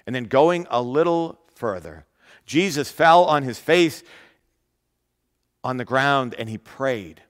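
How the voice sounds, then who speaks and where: An earnest male pastor delivers a sermon at a medium pitch, repeating key phrases and drawing out important words. His voice carries a long reverb, as if heard in a large hall. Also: animated, measured pace, fairly bright tone.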